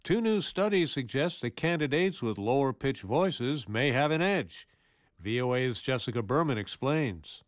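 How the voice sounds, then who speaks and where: A man presenting a radio news program in a crisp announcer delivery. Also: mid-range voice, lively intonation, unhurried, no room sound, studio quality.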